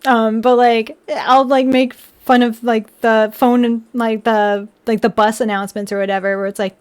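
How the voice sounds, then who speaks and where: Giggly high-voiced young woman streamer. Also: level tone, moderate pace, few pauses, clean tone. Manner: chatty and giggly, full of "like" and restarts, baby-talks to her pets. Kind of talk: casual live-stream chat.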